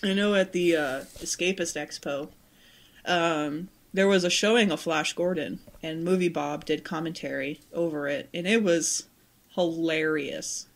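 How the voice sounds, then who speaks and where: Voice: medium pitch, unhurried. A podcast host who chats casually and enthusiastically, enunciating every word. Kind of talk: casual chat.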